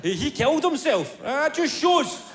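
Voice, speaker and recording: Animated comic with a lively, high voice. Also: male voice, normal speed, a little hiss or hum. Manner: animated, swearing, storytelling. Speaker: stand-up comedian. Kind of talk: stand-up routine. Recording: live comedy hall, crowd laughter.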